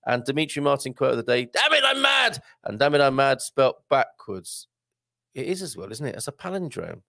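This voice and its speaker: A man's voice: medium pitch, animated, a little fast, creaky, no room sound, studio quality. A man hosting a live online show, chatting casually, reading out comments and tagging on questions. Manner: chatty, jokey, with tag questions.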